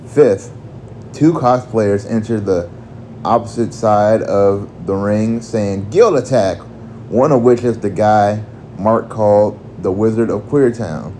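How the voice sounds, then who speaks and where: A man telling a crude comic story in a slow, deadpan drawl. His voice is low and mellow, with faint noise in the background.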